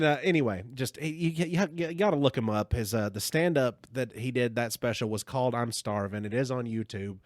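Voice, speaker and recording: A man hosting a podcast, retelling a story in casual chat with an animated, rambling manner. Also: medium pitch, normal speed, few pauses, no echo. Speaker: podcast host.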